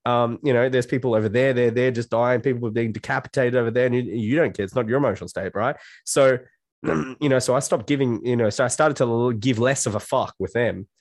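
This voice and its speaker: A man's voice: medium pitch, a little fast, no echo, clean studio sound. A man speaking as a guest life coach in a casual podcast conversation, blunt and swearing freely, acting out his own self-talk in quotes.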